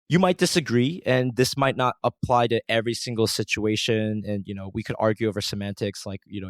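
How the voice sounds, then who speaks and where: Earnest, preachy man with a low voice. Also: dry recording, clean studio sound. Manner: earnest and preachy, mimics his angry self in a raised voice. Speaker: podcast host. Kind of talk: reflective monologue.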